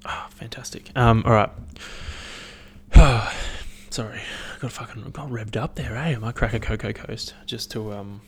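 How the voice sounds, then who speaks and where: A man's voice: fairly low pitch, normal speed, hardly any pauses, slight background noise. A young man, hosting a casual solo rant, swearing often and rambling animatedly between stories.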